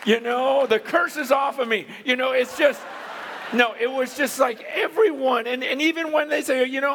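A man preaching a sermon, telling stories with animated swings between loud exclamations and hushed, quiet moments. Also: very high voice, normal speed. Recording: long hall reverb.

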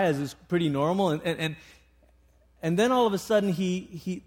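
A man's voice: high-pitched, darkish tone. A man preaching a sermon, retelling a story with frequent restarts.

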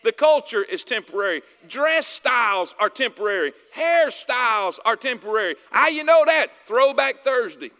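A man with a Southern US accent preaches a sermon, his voice high and bright, cutting through the room. He keeps asking the congregation for an amen and hammers his points home by repeating them. A long reverb from the hall trails behind every line. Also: expressive, moderate pace, hardly any pauses. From Southern United States. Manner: calls for "amen" and "y'all with me", repeats phrases for emphasis. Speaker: pastor.

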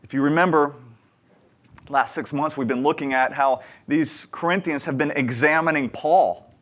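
A man's voice: fairly high pitch, normal speed. A man preaching a sermon, telling a personal story in a conversational, earnest way and pressing his listeners with emphatic questions. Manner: earnest, conversational, swings between quiet asides and emphatic questions. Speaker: pastor.

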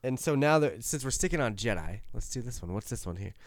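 A man's voice: mid-range voice, lively intonation, fast, no room sound, studio quality. A man hosting a podcast, chatting casually and joking about how to say names. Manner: joking, laughing, playful mispronunciations. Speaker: podcast host.

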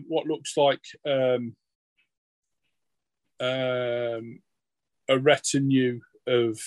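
A man's voice: fairly high pitch, no echo, low-quality recording. A man, running a tabletop game as game master, narrating hesitantly with many ums.

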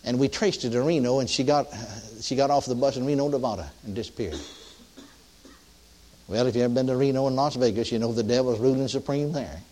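A man's voice: medium pitch, fast talker, a little mellow. An older man preaching a sermon, telling a story in a folksy way, with many restarts and emphatic peaks.

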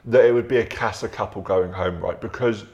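A man's voice: fairly low pitch, brisk, darkish tone, dull audio. Opinionated man in casual chat. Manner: opinionated, rhetorical "right?" tags. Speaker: podcast co-host.

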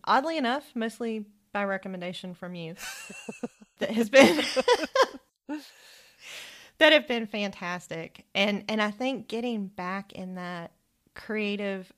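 A woman's voice: mid-range voice, measured pace, fairly bright tone. Woman cohost just chatting on a podcast, reflective, laughs a lot. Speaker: podcast co-host. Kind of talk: casual chat.

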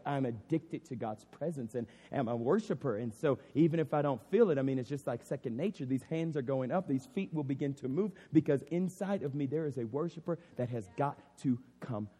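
A man's voice: medium pitch, warm tone, breathy edge. A man preaching an impassioned sermon as a pastor, circling back with "I mean" and "literally". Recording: long hall reverb.

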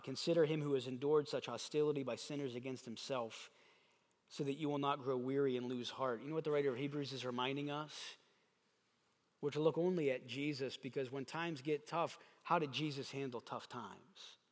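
A man preaching a sermon as pastor, reading scripture aloud with emphatic delivery. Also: mid-range voice. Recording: long hall reverb.

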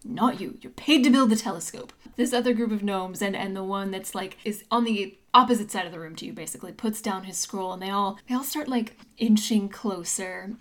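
A woman's voice: medium pitch, brisk, few pauses. A woman game master narrating a tabletop game in a casual, rambling way. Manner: casual, rambling, filler-heavy.

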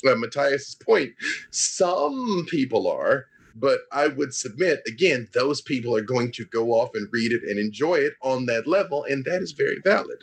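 A male comic writer talking on a panel discussion in an animated, riffing way. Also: mid-range voice, normal speed, creaky, breathy edge. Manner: animated, riffing with quoted asides.

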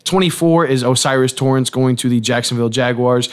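A young man hosting a casual sports podcast from a booth, relaxed and rattling through a long list in a steady patter. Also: mid-range voice, fairly quick, clear, resonant tone. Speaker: podcast host.

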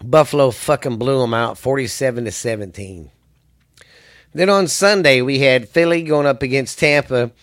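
A man's voice: medium pitch, moderate pace. A man hosting a sports podcast, ranting angrily and rambling with lots of cursing. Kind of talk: profane ranting commentary.

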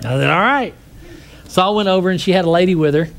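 Over a low-quality recording, a preacher tells his congregation a personal story in a conversational way, voicing the people he quotes before closing with prayer. He speaks quickly in a high-sitting voice with vocal fry.

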